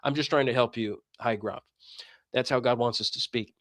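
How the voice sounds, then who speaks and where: A man's voice: mid-range voice, moderate pace, a bit bright, no echo, clean studio sound. A man giving impassioned religious commentary on a stream, combative and emphatic, firing off rhetorical questions.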